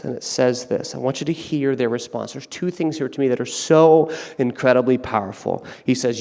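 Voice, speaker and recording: A male pastor preaching a sermon, reading scripture aloud with playful, animated asides. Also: medium pitch, a little fast.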